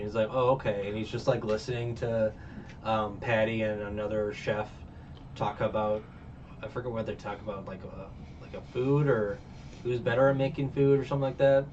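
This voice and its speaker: A man's voice: lowish voice, distant mic. A man talks through a show recap in a loose, rambling way, stacking fillers and breaking into laughs. He sits away from a dull microphone, and faint noise hums behind him. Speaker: reviewer. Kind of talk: casual episode recap.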